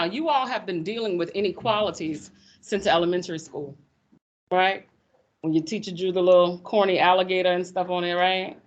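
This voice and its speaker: A woman teaching math in a classroom, lively and folksy, teasing her students as she explains. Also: fairly low pitch, highs cut off. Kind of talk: classroom lecture.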